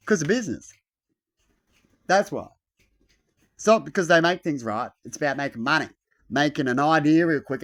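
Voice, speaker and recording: A man with a fairly high voice goes on a casual, rambling rant, swearing often and acting out the voices of people he quotes, frequently at high volume.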